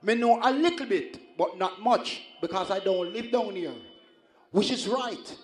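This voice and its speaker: A Jamaican man working as a sound system selector, hyping and calming the crowd in patois during a live sound clash. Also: sits high, a little slow. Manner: shouting at the crowd in patois, hoarse hype. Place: live outdoor dance event.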